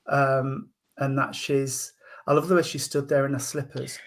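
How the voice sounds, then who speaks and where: A man working as a medium, giving a psychic reading in a gentle, hesitant way full of ums and endearments. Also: medium pitch, little pitch movement, moderate pace. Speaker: spiritual medium.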